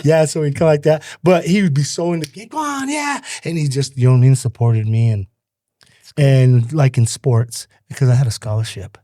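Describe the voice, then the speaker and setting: A man from Salt Lake City telling his life story as a podcast guest, in an animated, loose way, with many asides of "you know what I mean". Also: mid-range voice, brisk, no echo, studio quality. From Salt Lake City, Utah. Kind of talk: casual storytelling conversation.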